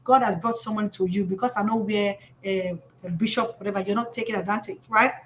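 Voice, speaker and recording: A middle-aged Nigerian woman, a financial coach giving a live motivational talk in an animated, emphatic way that scolds with humor. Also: mid-range voice, fairly quick, slight background noise.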